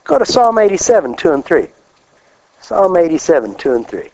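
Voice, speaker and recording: A middle-aged man from Kansas preaching a lively, joking sermon, reading scripture aloud slowly and with emphasis. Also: on the high side. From Kansas, USA. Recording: dull lo-fi live recording.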